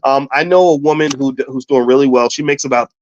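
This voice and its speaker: Male host from Kentucky, casual money talk, animated delivery, close dry mic. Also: mid-range voice, fast talker, no echo. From Louisville, Kentucky. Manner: animated, repeats words and restarts, acts out quotes. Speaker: finance show host. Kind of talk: casual storytelling with money advice. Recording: dull, slightly lo-fi dry sound.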